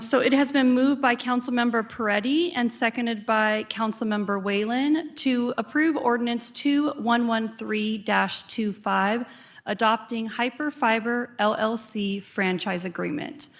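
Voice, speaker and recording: A woman runs a city council meeting, calling for comments and moving the votes along in brisk, formal procedural wording. Her voice sits a little higher than most. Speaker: meeting chair.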